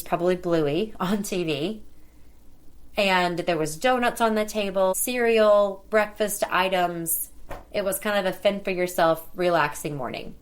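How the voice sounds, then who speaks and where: Lower-voiced woman telling a family story. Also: smooth. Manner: conversational, lively retelling of dialogue. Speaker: podcast host. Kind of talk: personal storytelling.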